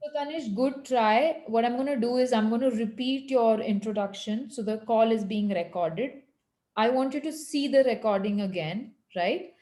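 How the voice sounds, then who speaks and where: A woman teaching French on a video call, patiently correcting students and slowing down to model phrases. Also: on the high side, warm tone, reverberant, low-quality recording. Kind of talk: online language lesson.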